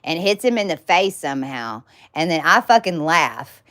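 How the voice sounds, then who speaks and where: Very animated and fairly bright in tone, this woman's low-sitting voice moves at a moderate pace. As a spiritual teacher she talks casually to her followers, swearing without restraint, speaking bluntly and firing off repeated words in bursts.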